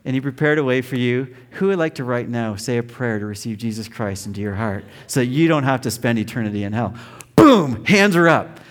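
A middle-aged man preaching a sermon, telling a personal story with acted-out quotes and emphatic shifts in pitch and volume. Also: quick pace, few pauses. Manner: storytelling, acts out quotes loudly. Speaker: pastor.

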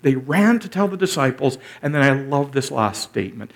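A man preaching a sermon as a pastor, retelling scripture with enthusiasm. He repeats phrases for effect and lets his loudness surge and drop. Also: medium pitch, very animated, normal speed, gravelly.

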